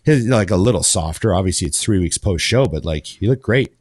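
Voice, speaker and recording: A man's voice: deep voice, lively intonation, brisk, breathy edge, dry recording, clean studio sound. A man co-hosting a podcast, telling a story in casual chat and swearing freely. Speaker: podcast co-host.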